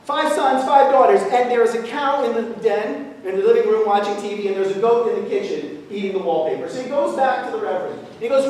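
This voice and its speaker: A man's voice: very high voice, fast, few pauses, a little mellow. A man telling a playful, jokey story as a sermon at an interfaith service, heard from far off in a large church sanctuary. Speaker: guest speaker at interfaith service. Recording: echoey hall from far off.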